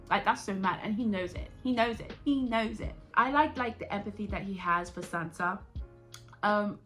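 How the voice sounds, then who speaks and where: A woman vlogger chatting casually and excitably about a TV series, rambling and jumping between thoughts. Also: medium pitch, moderate pace, faint music behind. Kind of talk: casual reaction chat.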